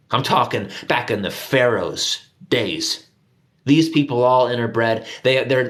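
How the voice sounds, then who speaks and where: A man hosting his own video, delivering a heated profane rant straight to his viewers and repeating himself for emphasis. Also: mid-range voice. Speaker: conspiracy video host.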